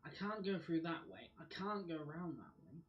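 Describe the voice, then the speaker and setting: A man's voice: fairly high pitch, expressive, normal speed, muffled recording, slight background noise. A man giving live gameplay commentary as a streamer, muttering to himself and swearing at the game.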